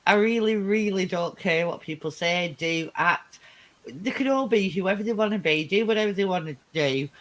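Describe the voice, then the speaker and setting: A woman's voice: mid-range voice, normal speed. A woman in her fifties with a Lancashire accent chats as a guest on a livestream. She laughs often and swears freely. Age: 50s. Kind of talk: casual chat.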